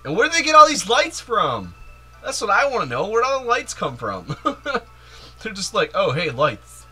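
A man's voice: high voice, wildly swooping pitch, normal speed, sharp tone, breathy edge, faint music behind. A man giving playful, giddy commentary while playing a video game, joking and cheering, with many "like"s. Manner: playful, giddy, jokey, lots of "like" and "yay". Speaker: video game let's player. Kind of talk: casual gameplay commentary.

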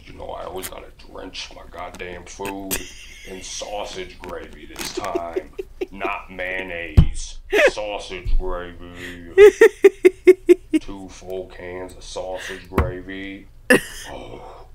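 A man's voice: low voice, expressive, slow. A man with a Southern US drawl and twang, talking crudely and boisterously in a played video clip. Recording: loud noisy video clip.

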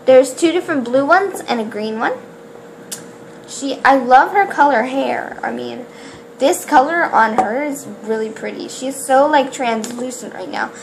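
A woman opening toy blind bags on camera in casual chat, excitable and gasping, who rambles with trailing restarts. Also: sits high, slight background noise. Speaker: toy unboxing vlogger.

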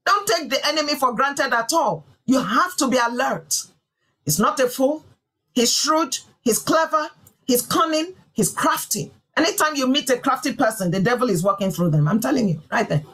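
A woman's voice: sits high, expressive, moderate pace, a bit bright, rough recording. A woman pastor preaching a sermon, driving her points home with emphatic repeated phrases.

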